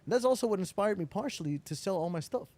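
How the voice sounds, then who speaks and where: A man talks through an interview in a casual, animated way, acting out quoted dialogue as he tells his stories. His voice sits fairly high but has a mellow, warm tone, and he swears freely. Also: quick pace. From Netherlands. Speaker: interviewee, entrepreneur.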